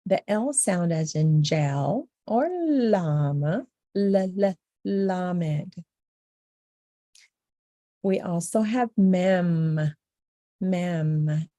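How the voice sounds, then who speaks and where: Slow, patient female teacher for a beginner lesson; lowish mellow voice, repeats each sound. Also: lively intonation, no room sound. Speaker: language teacher.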